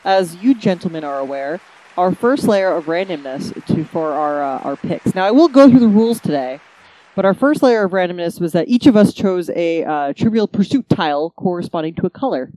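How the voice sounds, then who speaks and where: A woman's voice: fairly low pitch, animated, fairly quick, warm tone, no echo, poor audio. A woman co-hosting a casual podcast chat, explaining the rules in a playful way. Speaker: podcast co-host.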